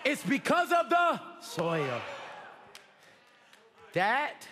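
A man preaching a fervent sermon, calling on the congregation to repeat after him and rising to shouts. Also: very high-pitched, wildly swooping pitch, extremely slow. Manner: fervent preaching with call-and-response, shouting at peaks. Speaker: pastor. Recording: long hall reverb.

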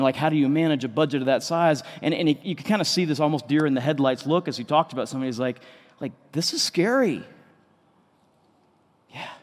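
A man's voice: mid-range voice, a little mellow. A man preaching a sermon as a pastor, earnest and conversational, often repeating words for emphasis. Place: large church sanctuary. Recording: long reverb of a large hall.

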